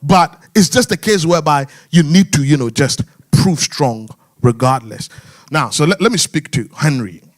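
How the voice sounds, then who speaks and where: A man's voice: on the high side, expressive, moderate pace. Earnest London man leading a talk. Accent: London English. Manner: earnest, searching, many restarts. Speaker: host. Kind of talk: church discussion panel.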